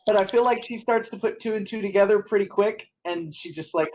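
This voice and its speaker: A woman playing a tabletop game, describing her character's actions calmly and matter-of-factly. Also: mid-range voice, brisk, slight background noise, poor audio. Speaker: player.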